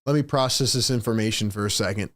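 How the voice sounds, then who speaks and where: Excitable man on a live sports stream. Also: fairly low pitch, fast talker, no room sound, clean studio sound. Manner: emotional, swings between hyped shouting and frustrated muttering; repeats lines for emphasis. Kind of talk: live play-by-play reaction stream.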